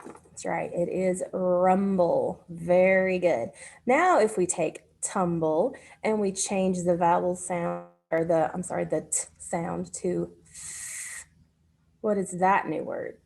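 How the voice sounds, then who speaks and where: A woman teaching a phonics lesson to children, speaking patiently and pausing for their answers. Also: on the low side, vocal fry, darkish tone.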